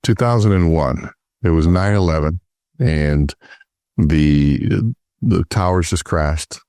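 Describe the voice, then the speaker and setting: A middle-aged man, a sales trainer, telling animated stories in an interview and acting out the dialogue. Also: sits low, slow pace, no room sound, clean studio sound. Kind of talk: storytelling in interview.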